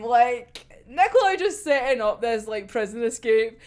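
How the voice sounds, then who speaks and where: A woman's voice: on the high side, moderate pace, hardly any pauses, darkish tone. A young woman gushing over an anime episode. She rambles, swears freely and keeps breaking into laughter. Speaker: anime reviewer. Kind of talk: excited episode discussion.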